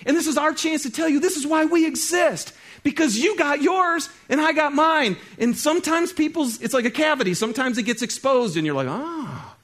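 A male pastor with a notably high voice delivers a conversational sermon. He talks straight to his listeners, one moment loud and exclaiming, the next soft and hushed. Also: expressive, fairly quick, few pauses.

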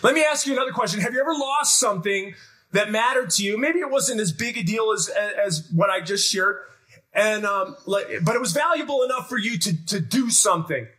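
Man, middle-aged, preaching, high voice, bright tone, animated storyteller, questions the crowd. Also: fairly quick. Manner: animated storytelling, shouts when acting out scenes, asks the crowd questions. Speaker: guest pastor. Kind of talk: sermon.

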